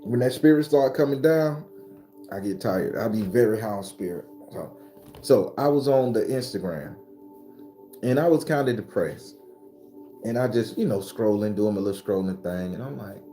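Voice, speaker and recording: A man in his forties giving a casual, profane motivational talk as host of his spiritual channel, often climbing to a high excited pitch. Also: moderate pace, soft background music. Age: 40s.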